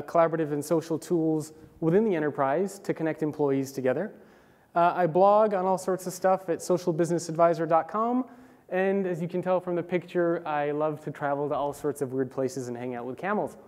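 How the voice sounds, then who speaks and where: A young adult man giving a casual, animated conference presentation with many fillers and restarts. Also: on the high side. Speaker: conference speaker. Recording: hall reverb.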